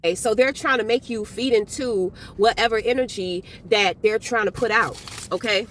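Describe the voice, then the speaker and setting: Blunt, high-voiced woman reading tarot. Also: moderate pace, slight background noise. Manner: blunt and profane, animated storytelling. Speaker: tarot reader. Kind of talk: casual tarot reading monologue.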